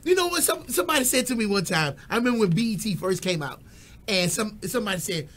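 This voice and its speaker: A man from Texas, co-hosting a casual chat and delivering animated, profane, joking rants. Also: high-pitched, fast talker. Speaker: co-host. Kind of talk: casual radio-style chat.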